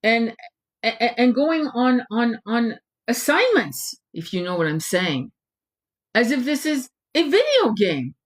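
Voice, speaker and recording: A woman's voice: on the high side, big pitch swings, measured pace. A middle-aged woman hosting her own channel, delivering a blunt, profanity-laced rant straight to camera. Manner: blunt, swearing, ranting. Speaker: tarot channel host. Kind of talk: impassioned monologue to camera.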